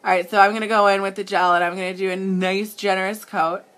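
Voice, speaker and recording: Talking quickly with a flat delivery, this livestream host runs a live makeup tutorial in a mid-range, somewhat bright voice. She's giggly and easily amused, laughing a lot as she chats casually and directly with viewers.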